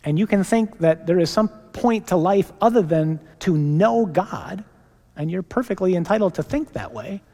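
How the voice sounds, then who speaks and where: Priest guy preaching hard, stretches words out slow, kinda high voice, big echoey church. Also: expressive, mellow. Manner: emphatic, preacherly, draws out key phrases slowly. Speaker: priest leading a parish mission. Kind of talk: sermon and led prayer. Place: large church. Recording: long church reverb.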